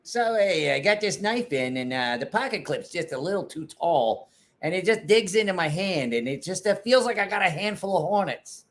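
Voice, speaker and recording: A man's voice: high-pitched, lively intonation, normal speed, fairly bright tone. A man hosting a casual livestream, rambling and cutting himself off, with easy swearing. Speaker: livestream host.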